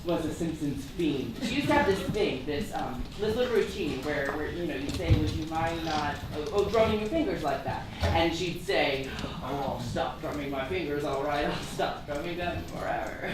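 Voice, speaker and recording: A woman's voice: deep voice, background noise, natural voice. An actress playing a chatty, self-effacing survivor who stumbles over her words and laughs as she retells a story, recorded live on stage. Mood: sheepish. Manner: halting, repeats words, laughs often. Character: Gibson, a chatty, self-effacing adult survivor and amateur singer. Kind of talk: stage play acting. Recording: distant stage mic, roomy theater with audience.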